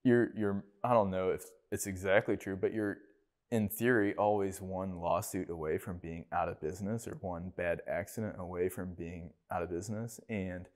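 A man on a podcast, a business owner telling lively anecdotes and acting out other people's lines. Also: sits low, moderate pace. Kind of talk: casual storytelling interview.

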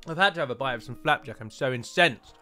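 A British man narrates his strategy game with a lively, bouncing delivery, his bright voice sitting a little high. He grumbles and swears in exasperation at his troops, while soft music plays behind him. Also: fast talker. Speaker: strategy game let's-player. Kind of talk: gameplay commentary.

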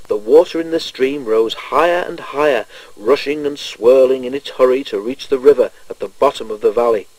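A man reading a children's railway storybook aloud in a measured, gentle storytelling manner. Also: medium pitch, slightly rough, no echo, poor audio. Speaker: narrator.

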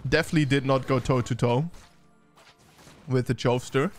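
A man giving casual esports review commentary, loose and chatty with many fillers and restarts, turning brisk for play-by-play. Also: mid-range voice, fairly even intonation, faint music behind. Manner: turns brisk during play-by-play.

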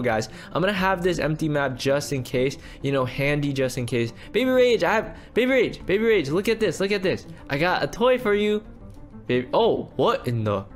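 A man hosting a playful game role-play, exclaiming and talking straight to his viewers. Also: a little high. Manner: animated, exclaiming, talks to viewers. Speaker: gaming video host.

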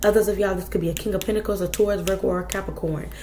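A woman's voice: mid-range voice, steady tone, very fast, mellow, slight background noise. Casting note: woman tarot reader, blunt and profane, chatty, roomy echo. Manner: blunt, profane, chatty, addresses viewers as y'all. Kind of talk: casual tarot reading.

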